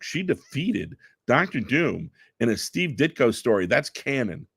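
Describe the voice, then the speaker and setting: An enthusiastic middle-aged man talks in a mid-pitched voice, piling up stories with quick restarts and stammers. The sound is close and dry, with no room around it. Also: very animated, vocal fry, a bit bright, husky, dry recording. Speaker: comic book writer guest. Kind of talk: excited podcast interview chat.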